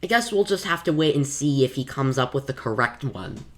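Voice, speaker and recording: A woman reacting to a gameplay video with relaxed, amused comments. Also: very deep voice, brisk.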